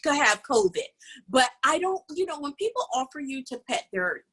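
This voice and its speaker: A woman co-hosting a casual chat over a video call, telling a story with lively voiced quotes. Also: sits high, normal speed, low-quality recording. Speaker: co-host.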